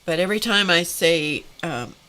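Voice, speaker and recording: A woman hosting a live drawing stream, teary and congested, talking in a halting, emotional way with sighs and pauses. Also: lowish voice, expressive, bright, forceful tone. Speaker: host of an art live stream.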